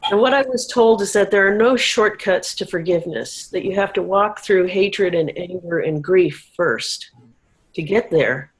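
Woman guest, candid and emotional, speaking at an average pitch. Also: a little slow, poor audio. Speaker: interview guest. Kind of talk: personal recovery story.

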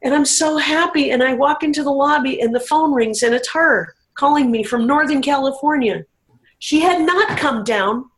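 A woman's voice: high-pitched, moderate pace, poor audio. A woman speaking as an interview guest, telling a personal recovery story in a candid, emotional way.

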